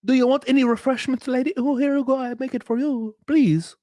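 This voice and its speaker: A man's voice: very high voice, fairly even intonation, fairly quick, mellow, no room sound, clean studio sound, voice pushed up. A man putting on the voice of a fawning partygoer, eager and simpering as he offers drinks.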